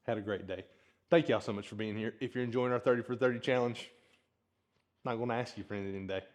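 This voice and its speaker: A man talks to his viewers in a relaxed, conversational way. He is earnest and encouraging as he reflects on his craft, with a voice of middling pitch. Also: fast talker. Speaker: blacksmith and channel host. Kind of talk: casual reflective vlog talk.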